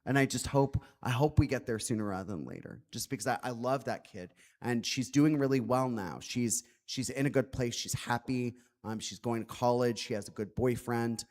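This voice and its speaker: A man's voice: medium pitch, moderate pace, hardly any pauses, darkish tone. A man speaking as an author at a public book talk, earnest and reflective, with many "like" fillers.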